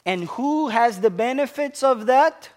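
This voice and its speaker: A pastor preaching a sermon, a man with a high voice. He speaks slowly and with emphasis, puts questions to the congregation and answers them, and drops to a soft hush on key words. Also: expressive. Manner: call-and-response questions to the congregation, slow and emphatic.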